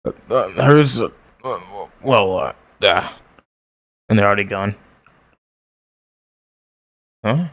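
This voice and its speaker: A man casually reading a manga aloud, reading out the character lines, commenting and laughing as he goes. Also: on the low side. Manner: reads character lines in quick voices and laughs often; excited outbursts. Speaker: manga reader. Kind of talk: casual read-along with commentary.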